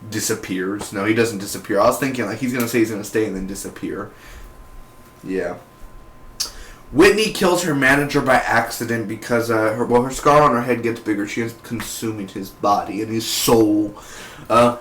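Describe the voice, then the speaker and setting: A man's voice: lowish voice, normal speed, a bit bright, slight background noise. A man giving a casual, rambling recap review of a TV episode in an offhand, slangy way. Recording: roomy echo.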